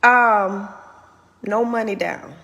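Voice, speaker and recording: A woman's voice: medium pitch, steady tone, takes it slowly, fairly bright tone, in a large hall. A woman hosting her own show, candidly telling a personal testimony in an earnest, open way. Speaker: host.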